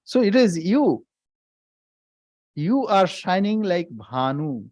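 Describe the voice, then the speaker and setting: Slow, deliberate man teaching scripture. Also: sits high, big pitch swings, a little mellow, dry recording. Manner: deliberate, repeats phrases for emphasis, chants verses. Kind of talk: scripture class lecture.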